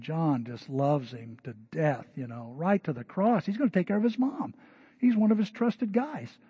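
A man preaching a sermon, telling a story in a lively way and acting out the voices of the people in it. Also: on the high side, slightly rough, no room sound, muffled recording. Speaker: pastor.

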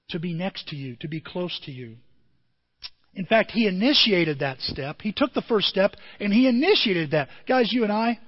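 A man preaching a sermon as pastor, animated, swinging from loud emphasis to quiet asides. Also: sits high, in a large hall, highs cut off. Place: church.

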